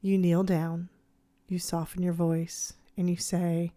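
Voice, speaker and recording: A woman host giving scripted reflective narration, soft, slow and soothing. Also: on the low side, little pitch movement. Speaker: podcast host.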